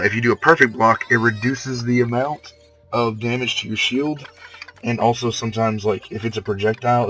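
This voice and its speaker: A man's voice: fairly low pitch, creaky, fairly bright tone, low-quality recording. A man who is sick, casually talking through a video game he plays, rambling with lots of filler words and the odd swear. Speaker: let's player. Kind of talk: casual gameplay commentary.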